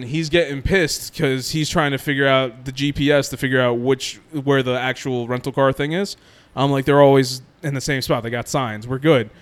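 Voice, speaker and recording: A young man casually telling a long story to friends, acting out what others said. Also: mid-range voice. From New Jersey. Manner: animated storyteller, acts out quotes, laughs often.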